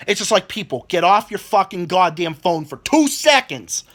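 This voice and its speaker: With a high voice that swings widely in pitch, this twenties-aged male vlogger vents angrily about his coworkers at normal speed. His tone is fairly bright, and he swears constantly while stumbling over repeated words.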